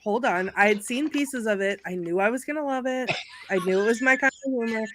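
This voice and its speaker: A woman's voice: a little high, a little fast, slight background noise. A woman in casual chat on a movie panel, laughing often and reading aloud from her notes. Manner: giggly, animated, reads out notes.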